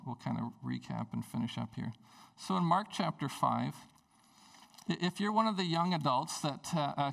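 A man's voice: mid-range voice, creaky, fairly bright tone, recorded from a distance. A man, a pastor, preaching a sermon at a church service in a conversational, storytelling way.

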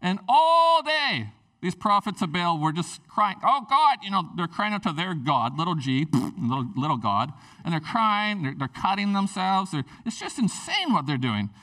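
A man preaching a casual, excitable sermon, chatty and animated. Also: high-pitched, moderate pace, recorded from a distance. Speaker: pastor.

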